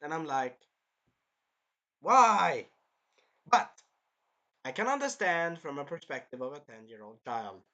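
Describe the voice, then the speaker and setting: A man's voice: mid-range voice, very animated, moderate pace, fairly bright tone. A man giving a casual, rambling, jokey recap of an anime episode as a reviewer.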